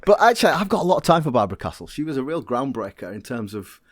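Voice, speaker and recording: Male co-host, middle pitch, dry close mic, wry and well-researched. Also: very animated, very fast, dry recording. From Britain. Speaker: podcast co-host. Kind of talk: casual chat.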